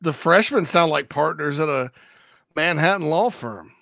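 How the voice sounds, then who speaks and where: A Southern man, co-hosting a college sports show. His voice sits a bit high with a gravelly rasp and a bright, forward edge. He jokes and spins stories, all on a dry, close studio mic. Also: moderate pace, no room sound. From Spartanburg, South Carolina. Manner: joking, storytelling. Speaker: sports talk show co-host. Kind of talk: casual sports talk.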